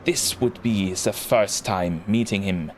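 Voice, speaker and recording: A man's voice: on the low side, a little slow, natural voice. A man voicing a weary, overworked man in his late twenties, reading narration in a put-on heavy foreign accent, with noise in the background. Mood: weary, reflective. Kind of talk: reading visual novel narration.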